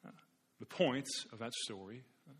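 A man's voice: medium pitch, normal speed, breathy edge. A man preaching a sermon as a pastor, telling an illustrative story in an earnest way with occasional repeated words.

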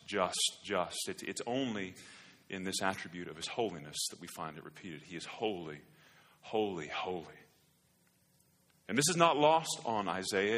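A man's voice: lowish voice, bright, forceful tone, long reverb tail. A man preaching a sermon, often repeating the first word of a phrase and rising to strong emphasis. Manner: repeats words at phrase starts, builds to emphatic rises. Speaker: pastor.

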